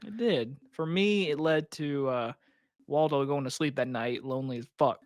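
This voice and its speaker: A young man co-hosting a podcast in casual chat, animated and ranting, swearing freely. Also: medium pitch, moderate pace, no echo, clean studio sound. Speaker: podcast co-host.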